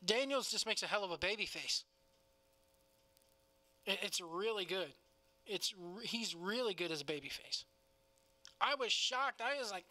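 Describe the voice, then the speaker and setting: A man's voice: high voice, animated, moderate pace, long pauses, pushed and bright, no echo. A man co-hosting a casual wrestling review podcast, laughing often and talking in a loose, cussing way. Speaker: podcast co-host.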